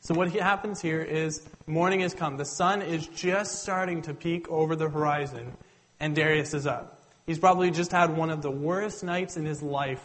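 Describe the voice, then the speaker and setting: A man's voice: a little high, low-quality recording. Conversational man preaching a sermon. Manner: conversational, animated storytelling.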